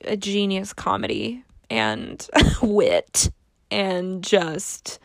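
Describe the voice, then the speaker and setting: A woman's voice: mid-range voice, sing-song, drawn-out words, gravelly, no echo, studio quality. A young adult woman hosting a casual solo podcast, rambling and joking at her own expense. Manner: rambling, self-mocking humor. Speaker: podcast host.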